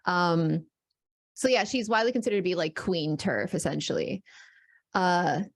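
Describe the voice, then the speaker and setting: A woman co-hosting a live stream, addressing her chat in an animated way and repeating words as she builds up. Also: fairly low pitch, normal speed, vocal fry. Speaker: podcast co-host.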